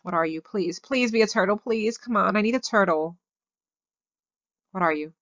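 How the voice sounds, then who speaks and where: Bubbly excitable woman gaming host. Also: mid-range voice, normal speed, long pauses, dry recording, highs cut off. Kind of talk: excited game commentary.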